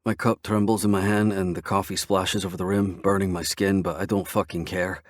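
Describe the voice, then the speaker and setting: A man's voice: deep voice, flat delivery, brisk, no room sound, clean studio sound. A man giving gritty, intense first-person audiobook narration with a profane edge.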